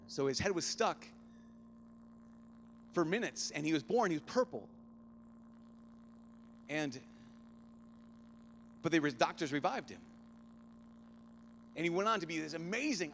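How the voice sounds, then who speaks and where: Earnest high-voiced priest giving a keynote. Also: male voice, slight background noise. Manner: earnest storytelling, often hushed, rising with emotion. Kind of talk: youth conference keynote talk.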